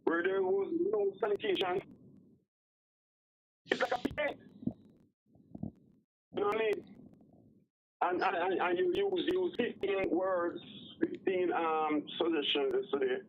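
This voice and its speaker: A man's voice: very high-pitched, sing-song, unhurried, creaky, long pauses, lo-fi sound, a little hiss or hum. A man with a Jamaican accent calling in to a radio show, rambling and often asking whether you follow him. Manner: rambling, keeps asking "you know what I mean". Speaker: caller. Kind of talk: call-in radio chat.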